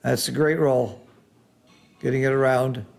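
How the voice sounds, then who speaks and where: Live at a backgammon match, a middle-aged commentator exclaims over the rolls, then turns calm and teacherly to explain strategy. His mid-range voice is a little slow, with vocal fry.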